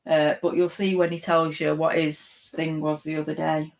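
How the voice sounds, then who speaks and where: A woman's voice: sits low, flat delivery, normal speed, vocal fry, rough recording. A woman co-hosting a live reselling show, chatting casually and reading out viewer comments. She teases her co-host, laughs often and bickers playfully.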